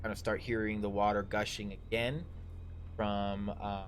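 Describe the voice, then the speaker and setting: A man with a low voice runs a tabletop game as dungeon master, improvising the scene as he goes. His narration is halting and loose, and it is recorded for a livestream with a faint noise underneath. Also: flat delivery.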